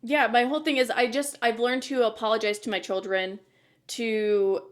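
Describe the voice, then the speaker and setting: A woman's voice: on the high side, steady tone, moderate pace. Candid, earnest woman podcast host. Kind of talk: casual chat.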